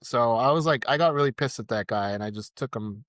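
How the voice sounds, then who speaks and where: A man's voice: medium pitch, a little fast, dry recording, clean studio sound. A man, telling a rideshare story in casual chat and acting out the quotes. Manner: animated storyteller, acts out quotes. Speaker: podcast guest, rideshare driver.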